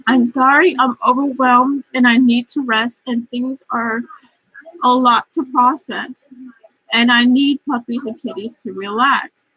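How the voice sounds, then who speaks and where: Upset woman vlogger, swears a lot, breathy voice pitched a little high. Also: fairly even intonation, measured pace, pushed and bright, no room sound, rough recording. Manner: frustrated, profane, rambling. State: upset and stressed. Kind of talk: casual venting vlog, reading chat messages aloud.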